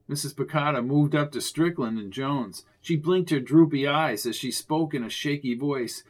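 A man giving scripted narration of a mystery audiobook in a steady, measured way. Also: fairly high pitch.

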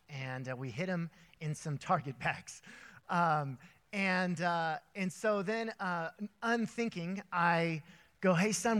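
A young man delivers a sermon in a church auditorium, his bright, high voice carrying a long reverb from the big room. He tells stories with lively put-on voices before turning to scripture. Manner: storytelling with animated voices and laughter. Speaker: pastor.

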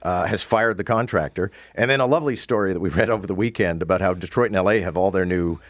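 A man hosting a morning radio show, briskly steering the panel to the next stories. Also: low-pitched, no echo. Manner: brisk, moves the talk along. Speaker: radio host.

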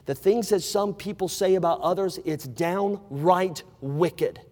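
Male preacher, high voice, emphatic sermon delivery, recorded in a big hall with a long echo tail. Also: a little slow. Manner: emphatic, swings from loud preaching to hushed asides.

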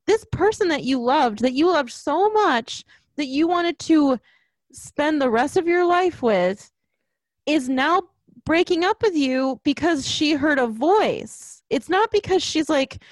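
A woman's voice: high-pitched, takes it slowly, dry recording. A woman ranting in casual chat about a film, acting out lines as she goes. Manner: ranting, animated, acts out quotes.

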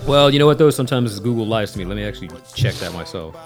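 A man's voice: lowish voice, animated, very fast, soft background music. A man co-hosting a podcast in casual chat, making wry joking asides. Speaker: podcast co-host.

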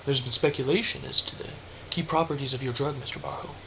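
A man's voice: mid-range voice, steady tone, fast, gravelly, natural voice. A man voicing a stern, impatient male corporate agent in an audiobook. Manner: stern, no-nonsense. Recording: dull lo-fi with faint hiss.

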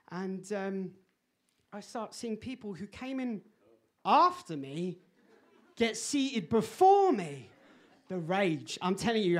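A man preaching a sermon, telling a personal story in an animated, laughing way. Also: high-pitched. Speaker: pastor.

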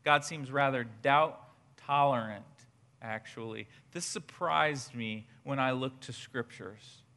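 A male pastor preaching a sermon in an animated way, often repeating words as he builds up. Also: medium pitch, takes it slowly.

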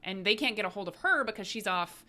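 Woman, podcast co-host, bright tone, casual chat, animated retelling, lots of "like". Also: mid-range voice, fast. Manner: chatty, animated retelling peppered with "like".

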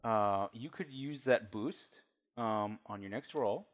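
A man's voice: on the low side, slow pace. A man narrating as game master of a tabletop role-playing game, telling the scene in a loose, conversational way.

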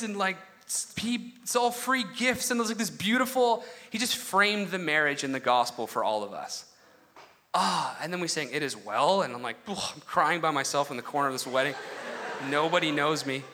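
Animated, bright-voiced male preacher. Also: fairly high pitch. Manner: animated, conversational preaching with frequent asides. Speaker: pastor. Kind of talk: sermon.

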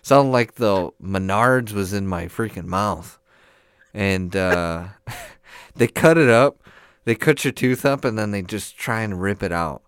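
A man's voice: lowish voice, takes it slowly, clean tone, dry recording, clean studio sound. A man on a podcast telling a long, rambling story full of laughs while his jaw is sore from recent tooth surgery. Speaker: podcast co-host. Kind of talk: casual chat.

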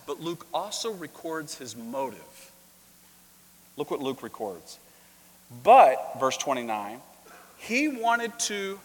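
A pastor in a church sanctuary, telling a story with dramatic turns and calling on the congregation to answer back. His voice sits high for a man, and a long echo fills the space. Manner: expressive storytelling, acting out dialogue, asks congregation to respond. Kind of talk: sermon.

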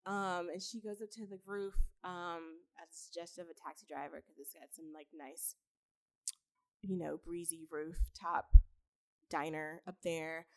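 A woman's voice: on the low side, fairly even intonation, measured pace. A young woman chatting casually about a film as podcast co-host, laughing often, swearing and using lots of fillers. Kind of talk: casual film review chat.

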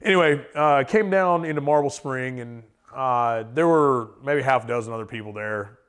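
A man's voice: medium pitch, moderate pace, smooth. Rambling casual male storyteller. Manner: rambling, filler-heavy, animated storyteller. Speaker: interview guest, hiker.

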